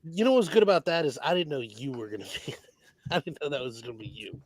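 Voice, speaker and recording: A male panelist talks casually in a relaxed, plain way. His voice is lively in pitch, and the recording is dry and close. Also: fast, no echo. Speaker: podcast panelist. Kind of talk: casual chat.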